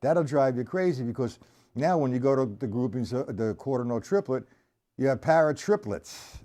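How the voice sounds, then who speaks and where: A man's voice: mid-range voice, animated, normal speed, warm tone. A man teaching drums on a live stream, explaining patterns casually and counting beats aloud. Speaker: drum teacher. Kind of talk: live-streamed drum lesson.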